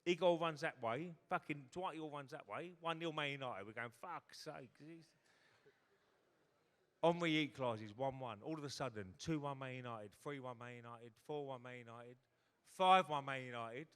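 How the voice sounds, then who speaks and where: Bright, sweary middle-aged storyteller. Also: male voice, mid-range voice, clean tone. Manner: swearing, quick punchlines, acts out voices. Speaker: guest storyteller. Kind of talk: comic anecdote on stage. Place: hotel ballroom stage. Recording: hall reverb at a live event.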